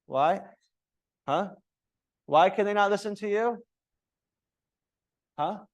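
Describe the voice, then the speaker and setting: A man with a slightly high voice coaches a room of trainee yoga teachers, talking to them directly. He is animated, shifting his tone to act out examples and throwing questions back at the group. The room has a noticeable echo. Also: slow, dull audio. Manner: animated, acts out different tones of voice, asks the group questions.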